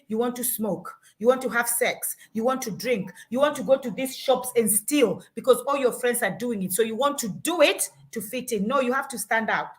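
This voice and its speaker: A middle-aged Kenyan woman with a Kenyan accent, giving earnest parenting advice in an emphatic, repetitive storytelling way. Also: fairly high pitch. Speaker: parenting guest.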